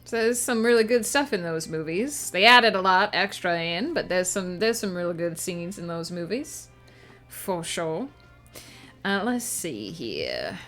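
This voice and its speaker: A woman's voice: on the low side, big pitch swings, unhurried, fairly bright tone, soft background music. A woman streamer putting on an exaggerated old-movie American Southern accent while chatting casually on a live stream, with a hammy drawl and many fillers. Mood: playful. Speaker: streamer and writer.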